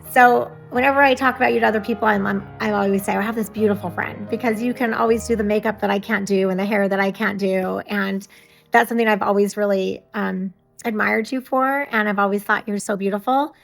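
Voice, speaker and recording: A woman recording a heartfelt birthday message to a friend, speaking tenderly and haltingly, with many pauses and fillers. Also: a little high, creaky, fairly bright tone. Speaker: friend giving a birthday tribute.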